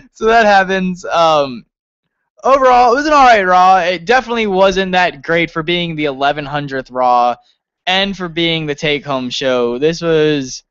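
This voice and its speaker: A man's voice: on the high side, expressive, measured pace, fairly bright tone, smooth, no echo, dull audio. A man co-hosting a casual wrestling review podcast, rambling and laughing as he talks. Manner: rambling, laughing often, lots of fillers. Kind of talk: casual chat.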